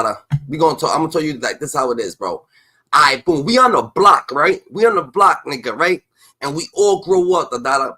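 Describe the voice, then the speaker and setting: Streamer, male, mid pitch: unscripted profane rant, loud bursts sliding down into mutters, filler-heavy. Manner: profane, heated, with a repeated "da, da, da" filler; swings between loud outbursts and low mutters. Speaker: livestream host.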